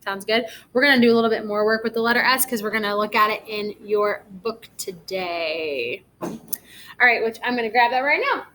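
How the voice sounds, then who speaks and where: A young woman teacher giving a recorded reading lesson to first graders, slow and encouraging, stretching words out for small children. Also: fairly high pitch, sharp tone, slight background noise, rough recording.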